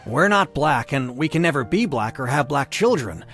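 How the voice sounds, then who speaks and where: A man voicing a strict, religious middle-aged father in an animated story, speaking sternly. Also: medium pitch, moderate pace, gravelly, music in the background. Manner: stern, commanding.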